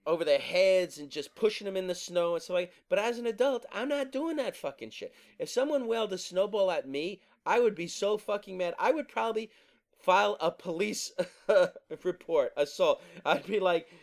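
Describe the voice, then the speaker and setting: A man hosting a podcast, ranting casually and profanely in an exasperated way. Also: sits high. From New Jersey. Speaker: podcast host.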